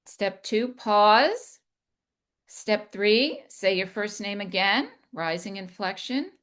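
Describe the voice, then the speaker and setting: A woman communication coach giving a deliberate instructional talk, demonstrating inflection as she goes. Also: medium pitch, expressive, fairly bright tone.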